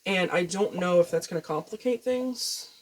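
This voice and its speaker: A woman's voice: fairly low pitch, normal speed, a little hiss or hum. A young woman vlogging casually at home into a gaming headset mic, rambling, self-deprecating and swearing freely. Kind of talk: casual chat. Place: room at home. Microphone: video game headset mic.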